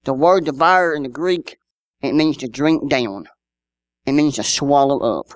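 A man's voice: on the high side, measured pace, no echo, clean studio sound. A man, preaching a sermon in a conversational style with rhetorical questions and personal stories. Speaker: pastor.

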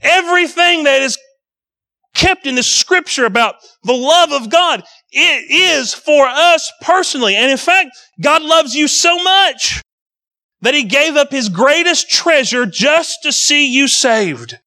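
A middle-aged man preaching a sermon as pastor, swinging between loud emphatic lines and quiet low ones. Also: animated, a little slow.

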